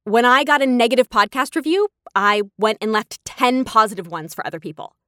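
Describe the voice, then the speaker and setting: A fairly high-voiced woman in her thirties hosts a casual podcast and talks with lively energy. She acts out the replies she quotes. The sound is close and dry. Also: a little fast, no room sound. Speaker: podcast host.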